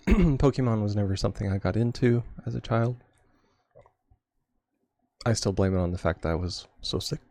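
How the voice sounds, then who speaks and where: A man's voice: on the low side, animated, normal speed, pauses often, a little mellow. A man streaming a game, chatting casually and rambling with frequent chuckles. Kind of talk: casual gameplay chat.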